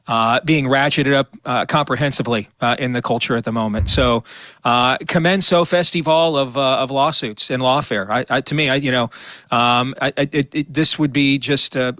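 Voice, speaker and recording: A man with a bright, tense voice speaks as a talk show guest, stopping and restarting as he talks. The sound is close and dry, with no room around it. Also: medium pitch, no room sound. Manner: halting, many ums and restarts. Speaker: guest commentator.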